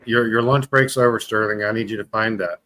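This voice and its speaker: A man's voice: on the low side, fairly even intonation, fairly quick, sharp tone. A man hosting a casual panel chat, joking and bantering with his co-hosts. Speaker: panel show host.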